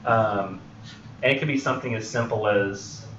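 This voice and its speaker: A man's voice: on the low side, normal speed, fairly bright tone, slight background noise. Rambling male writing instructor in a classroom. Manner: rambling, filler-heavy, acts out film scenes. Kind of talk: classroom lecture. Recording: roomy, dull lo-fi classroom recording.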